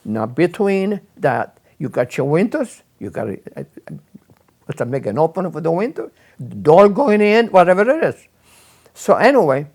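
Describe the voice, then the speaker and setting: An older man, telling his life story in a rambling, repetitive way and acting out the people he quotes. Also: fairly high pitch. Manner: rambling, repeats words, animated when quoting others. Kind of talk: casual storytelling.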